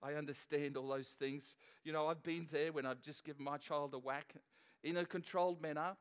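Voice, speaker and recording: A man's voice: a little high, fairly even intonation, moderate pace, clear, resonant tone. A middle-aged man preaching a sermon at a church service in a loose, joking, conversational way, often restarting his sentences. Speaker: pastor.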